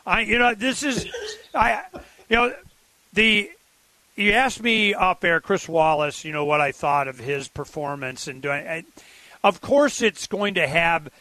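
A man with a high, sharp voice talks loosely on a political radio show. He rambles and stalls, restarting his sentences, and the sound is dry and close. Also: dry recording. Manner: rambling, halting, with many restarts. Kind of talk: casual political talk radio chat.

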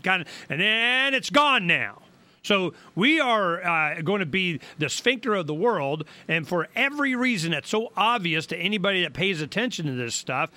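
A middle-aged man hosting a talk radio show, rambling in a loose, animated, colloquial way. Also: a little high. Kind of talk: casual political talk radio.

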